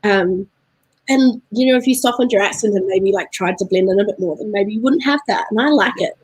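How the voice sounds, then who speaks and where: Chatty New Zealand woman, husky voice. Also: mid-range voice, brisk, no echo, low-quality recording. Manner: chatty, laughs often, many fillers. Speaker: guest from a beer importer. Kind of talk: casual video-call chat.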